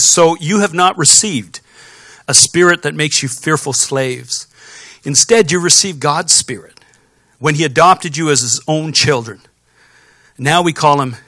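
A man preaching a sermon as pastor, telling stories in an animated way with sound effects and voiced characters. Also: a little high, dry recording, studio quality. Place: church sanctuary.

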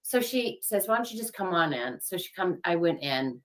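A woman's voice: on the low side, animated, moderate pace. A woman in her fifties, an interview guest, recounting a personal story in a chatty way with lots of fillers. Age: 50s. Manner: chatty, many fillers, quotes others.

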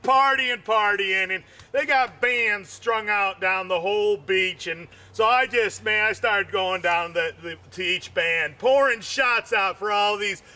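A man telling loose, rambling stand-up jokes, adding "man" to nearly every line and breaking into shouts on the punchlines. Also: high-pitched, measured pace, hardly any pauses. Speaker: amateur comedian.

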